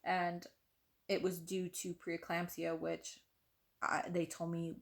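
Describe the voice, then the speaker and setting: A young woman vlogger telling a personal story to the camera in an animated way, full of "like" and acted-out quotes of what others said. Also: fairly low pitch, slow, gravelly. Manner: animated, acts out quoted voices, frequent "like".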